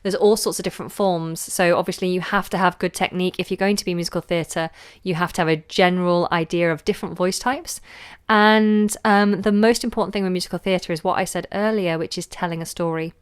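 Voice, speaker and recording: Smooth-voiced woman singing teacher. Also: lowish voice, fairly quick. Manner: relaxed, chatty, demonstrates sounds with her voice. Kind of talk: live-stream Q&A feedback.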